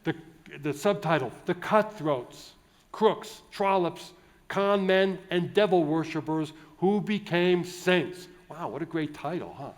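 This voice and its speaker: A man's voice: a little high, slow. A man, a Catholic priest from the United States, giving a jovial, digressive conference keynote full of restarts and asides. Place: large indoor conference hall.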